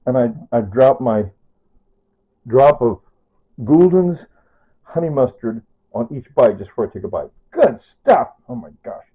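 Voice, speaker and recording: Husky rambling man on tinny audio. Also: medium pitch, lively intonation, measured pace, long pauses. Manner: chatty, repeats himself, self-correcting. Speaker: cooking vlogger. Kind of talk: rambling casual kitchen talk.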